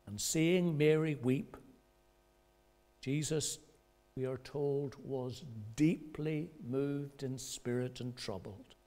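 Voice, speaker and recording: A male pastor preaching a sermon in a measured way, pausing for effect and rising in pitch when he quotes others. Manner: measured preaching with dramatic pauses; rises in pitch and loudness when quoting voices. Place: church.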